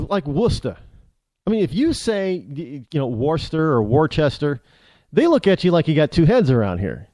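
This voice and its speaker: A man's voice: high voice, warm tone, no echo. A man with an American accent hosting a talk radio show, rambling through an opinionated monologue with frequent restarts and asides. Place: New England.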